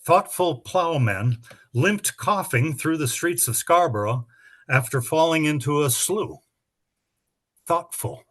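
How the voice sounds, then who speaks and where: A middle-aged man running a spelling bee, his voice sitting at an ordinary middle pitch. He explains the rules at length and reads out each word with a sample sentence. His manner is chatty and explanatory, with dry humor. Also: fairly bright tone, husky. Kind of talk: reading rules and practice words to teams.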